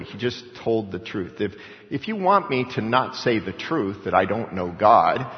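A man preaching a sermon in a conversational way, asking rhetorical questions and chuckling as he explains scripture. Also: lowish voice. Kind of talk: sermon with Bible reading. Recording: echoey hall, dull lo-fi sound.

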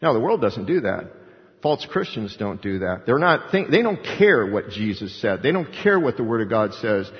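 A man's voice: mid-range voice, very animated, normal speed. A man preaching a sermon, earnestly quoting scripture and acting out prayers with emphasis. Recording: dull sound with long hall reverb.

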